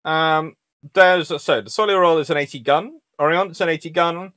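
A lively British man, a naval historian hosting a livestream, speaks in a slightly high voice at a moderate pace in a dry room. He gives a casual lecture, reading ship lists in a chatty, sing-song way and answering chat.

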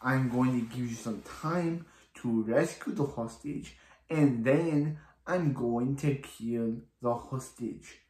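A man voicing a menacing male Russian villain in an admittedly poor put-on Russian accent, slow and threatening. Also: medium pitch, a little mellow, reverberant, lightly acted.

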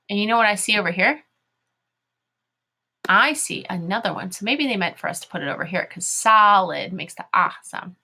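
A woman's voice: medium pitch, lively intonation, normal speed, gravelly, bright, forceful tone, breathy edge. A woman teaching a phonics lesson to young children, spelling words out letter by letter and sounding them out in an encouraging way.

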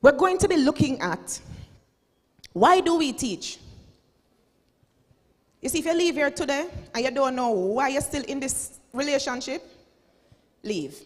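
A Jamaican woman in her forties delivers a fiery keynote to teachers, her voice set high and carrying. She preaches with drama and slides between standard English and Patois. The sound rings out with the long reverb of a big hall. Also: lively intonation, unhurried, pauses often. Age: 40s. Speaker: school principal and keynote speaker. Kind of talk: motivational keynote speech.

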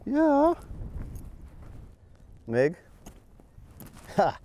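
A man's voice: medium pitch, animated, slow pace, darkish tone. A middle-aged man talking fondly and laughingly to animals outdoors, coaxing and teasing them on a handheld camera. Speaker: wildlife sanctuary keeper. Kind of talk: casual talk to animals on camera. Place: outdoors in the bush.

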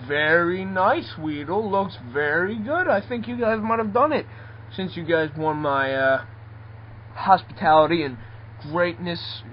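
A man's voice: fairly high pitch, dull audio, slight background noise. A man voicing a pompous male host of a toy reality contest who rambles and stumbles over his words. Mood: smug.

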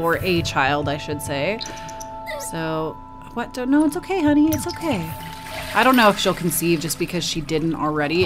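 Chatty woman with a lively, expressive voice. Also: low-pitched. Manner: chatty, emotive, cooing at characters. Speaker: gaming video host. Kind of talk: casual let's play commentary.

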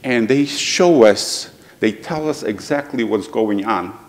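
A middle-aged man from Ukraine with a Ukrainian accent, speaking earnestly in halting English as a guest speaker in a church. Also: fairly low pitch, in a large hall. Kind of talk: heartfelt church talk. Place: church sanctuary.

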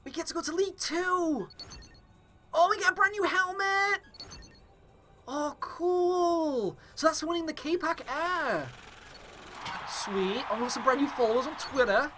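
A man hosting a gaming video, giving excited let's-play commentary in a gushing, excitable way. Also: very high voice, a little slow, long pauses, slight background noise. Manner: gushing, excitable, laughs often.

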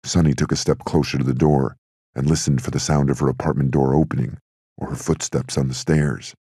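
A man reads a novel aloud in a steady, measured way, his voice extremely low and full of gravelly fry. The tone is dark and husky, and the recording is close and dry. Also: no room sound. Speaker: audiobook narrator. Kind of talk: audiobook narration.

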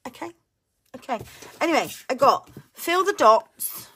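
A young woman chatting excitedly to her viewers as she unboxes her mail. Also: sits high, measured pace, slight background noise. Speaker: budgeting vlogger. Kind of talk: casual chat to camera while unboxing.

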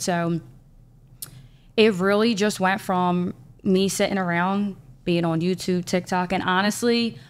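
A young woman from Philadelphia, a small business owner chatting as a podcast guest, telling her story with lots of quoted asides. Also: on the low side. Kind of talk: casual interview chat.

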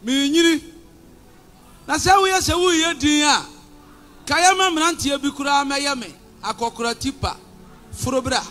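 A male pastor with a Ghanaian accent preaching a combative sermon, shouting and sliding into sing-song phrases. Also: extremely high pitch, normal speed, long pauses, faint music behind. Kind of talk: fiery sermon.

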